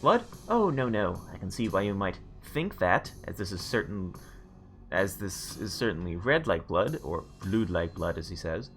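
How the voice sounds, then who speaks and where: A man voicing a creepy, grinning male innkeeper-butcher in a video game, slow and overly cheerful, with a lisp and oddly stressed words. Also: low voice, very animated, a bit bright, faint music behind, heavily acted. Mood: innocent. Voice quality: lisping, odd word stress. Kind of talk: video game dialogue reading.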